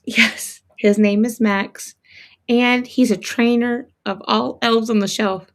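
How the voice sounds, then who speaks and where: A woman's voice: fairly high pitch, steady tone, takes it slowly. A woman guest in a casual chat, playful and teasing.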